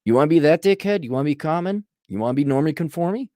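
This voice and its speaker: A man's voice: fairly high pitch, lively intonation, racing, warm tone, no room sound, studio quality. A man giving blunt, profane life advice in a sarcastic monologue.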